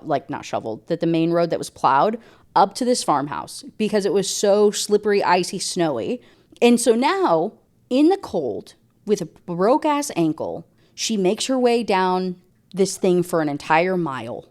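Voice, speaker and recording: A woman's voice: mid-range voice, darkish tone. A young woman giving a casual, rambling book review rant, exasperated and slangy, reading passages aloud between asides.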